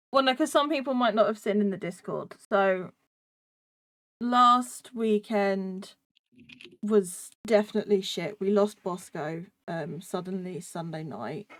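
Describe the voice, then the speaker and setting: A woman hosting a casual podcast chat, easygoing and quick to laugh. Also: medium pitch, no room sound, studio quality. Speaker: podcast host.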